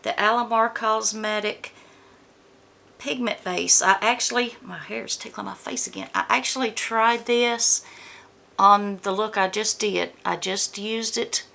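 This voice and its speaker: A beauty vlogger from the American South chats casually while unboxing a beauty box, reading product blurbs aloud and tripping over the product names. Her mid-range voice is gravelly, pushed and bright, with a steady tone and unhurried pace.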